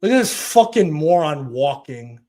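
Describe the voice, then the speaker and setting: A man's voice: a little high, big pitch swings, normal speed, darkish tone. A man hosting a live watch-along stream, giving casual commentary in a profane, ranting, mocking way.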